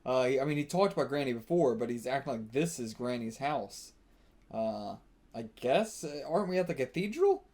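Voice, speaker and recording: A man's voice: mid-range voice, expressive, moderate pace, darkish tone. Laid-back man reacting live, chuckling. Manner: casual, thinks aloud, laughs often, swears. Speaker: manga reaction channel host. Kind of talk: live reaction while reading manga aloud.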